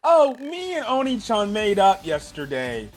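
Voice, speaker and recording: A man's voice: high voice, wildly swooping pitch, a little slow, soft background music, heavily acted. A man voicing a clingy teenage anime girl, coy and teasing in a sing-song tone.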